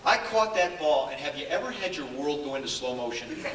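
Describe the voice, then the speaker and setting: A man's voice: fairly high pitch, expressive, brisk, background noise. An older man giving a humorous motivational speech to an audience, telling stories animatedly, acting out dialogue and chuckling often, recorded in a large echoey hall. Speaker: keynote speaker. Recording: echoey hall, distant mic, faint ambience.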